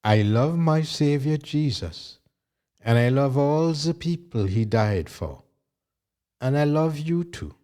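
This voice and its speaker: A kind German woman nurse speaks softly and soothingly in a German accent, in a raised, lighter register. A man reading a memoir aloud does her voice. She sounds calm and caring. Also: fairly high pitch, slow, voice pushed up.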